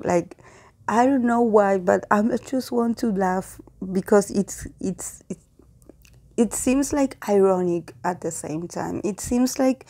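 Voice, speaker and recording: A woman's voice: mid-range voice, unhurried, dark tone. A woman reading tarot cards in a casual monologue. She muses aloud and hesitates often, with many "like"s and "I don't know why"s. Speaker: tarot reader.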